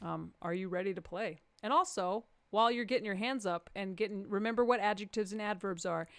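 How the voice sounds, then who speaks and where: A woman comedian hosting a live stream, joking playfully with the audience and jumping into excited quoted voices. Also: medium pitch, a little fast, no echo.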